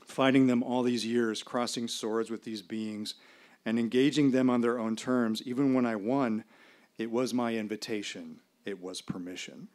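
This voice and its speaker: A man performing a first-person story live on stage, in a measured, dramatic delivery with pauses. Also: medium pitch, fairly even intonation, darkish tone. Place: small live venue.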